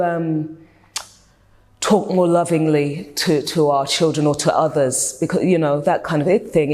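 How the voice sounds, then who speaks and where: A woman's voice: low-pitched, a little mellow. A woman, a therapist being interviewed, speaking in a thoughtful and earnest way with frequent restarts. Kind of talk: reflective interview talk.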